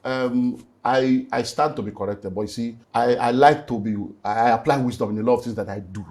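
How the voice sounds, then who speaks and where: A middle-aged man with a Nigerian accent, a pastor giving an earnest personal testimony in conversation, slipping into Pidgin and moving between hushed and emphatic speech. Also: medium pitch, a little fast. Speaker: pastor, guest.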